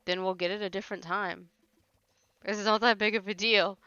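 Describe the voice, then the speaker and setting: A woman's voice: mid-range voice, steady tone, moderate pace, bright, forceful tone, clean tone, dry recording, highs cut off. A woman hosting a casual livestream, chatting with viewers and teasing them playfully, laughing often. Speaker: livestream host.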